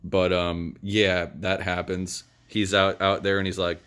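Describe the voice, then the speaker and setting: A man's voice: low voice, little pitch movement, unhurried, fairly bright tone, clear, resonant tone. A young man casually retelling a movie plot in a rambling, crude way, with many fillers. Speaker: movie reviewer.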